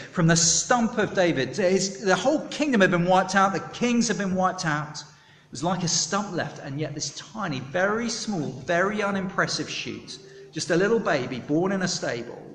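A man preaching a sermon, chatty and animated, polling his listeners for answers. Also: on the high side, a little hiss or hum. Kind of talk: sermon with audience participation. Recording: echoey hall, long reverb.

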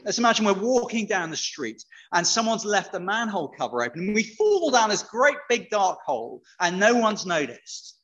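A man's voice: sits high, sing-song, moderate pace, hardly any pauses, fairly bright tone, highs cut off. A man preaching an all-age sermon, playful and interactive, chatting with children.

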